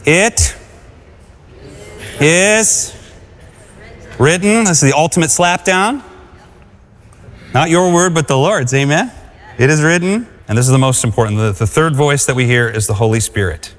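A man's voice: mid-range voice, animated, fairly quick. A man preaching a sermon, exhorting and calling on the congregation to answer him. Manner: exhorting, calls for congregation responses. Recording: long hall reverb.

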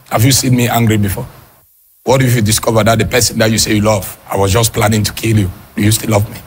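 A man preaching in church with a very husky, raspy voice. His delivery swings widely, rising into shouted, sing-song peaks and dropping into quick, low asides. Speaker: pastor. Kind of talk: sermon.

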